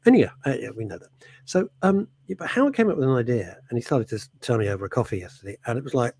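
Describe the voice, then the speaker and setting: A man's voice: medium pitch, rapid-fire, slightly rough, dry recording. A man hosting a radio show, chatting and joking in a playful way. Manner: animated, jokey, breaks into silly voices. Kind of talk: casual comedic chat. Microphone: studio microphone.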